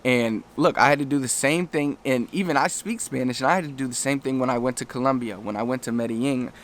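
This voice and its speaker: A man's voice: mid-range voice, fast, fairly bright tone, a little hiss or hum. Casual man giving travel language tips. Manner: conversational, rambling with restarts and acted-out quotes. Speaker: language coach. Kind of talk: casual talking-head lesson.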